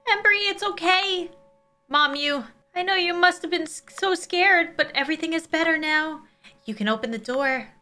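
A woman's voice: very high-pitched, normal speed, bright, forceful tone, soft background music, pitched above the performer's own voice. A woman voicing monsters that imitate a girl's parents, coaxing, pleading and demanding through a door.

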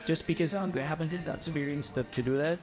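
A young man from the Philippines, appearing as a podcast guest, tells a story in a casual, animated way and performs the voices of those he quotes. His voice sits a little high and moves quickly. Music plays in the background.

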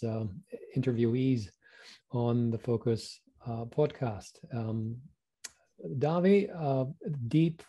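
A male podcast co-host with a very dark, mellow voice. He speaks in an earnest, affirming way, often agreeing with his guest. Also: medium pitch. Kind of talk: interview hosting.

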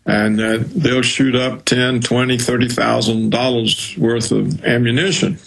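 A man speaking as a guest over a video call, slow and measured, with long hesitant pauses. His voice is husky and gravelly and sits fairly low. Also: steady tone, a bit bright, low-quality recording. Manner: measured and hesitant, pausing on fillers. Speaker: interview guest.

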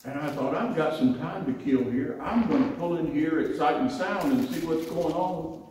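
A middle-aged male preacher telling a personal story in a sermon, building from quiet narration to loud, emotional pleading. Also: on the high side, normal speed. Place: large church or convention hall. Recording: echoey hall, distant mic, faint noise.

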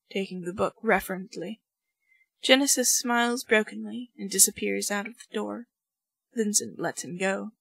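A woman narrating a fan fiction story aloud in a measured, even way. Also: medium pitch, dry recording, poor audio. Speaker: podfic reader.

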